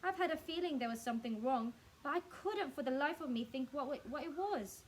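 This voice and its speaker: A woman's voice: lively intonation, brisk, a little hiss or hum. A woman voicing a nasty, spiteful old woman in a storybook reading, shrieking and screeching. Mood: puzzled. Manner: shrill, screeching.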